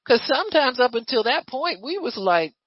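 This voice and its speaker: Woman, conversational sermon, husky voice, dry close sound. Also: sits high, normal speed, dry recording, highs cut off. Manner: lively, conversational preaching with rhetorical questions. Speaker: preacher.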